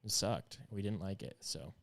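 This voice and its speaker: A man's voice: sits low, animated, normal speed, gravelly, a bit bright. A man hosting a casual livestream chat, upbeat and chatty with plenty of fillers. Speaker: livestream host.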